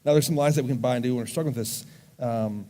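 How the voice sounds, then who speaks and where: A man preaching earnestly to a youth service, speaking gently and slowing down to read scripture aloud. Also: mid-range voice. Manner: earnest, gentle, slows down when reading scripture. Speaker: youth pastor. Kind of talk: sermon to a student audience. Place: church service.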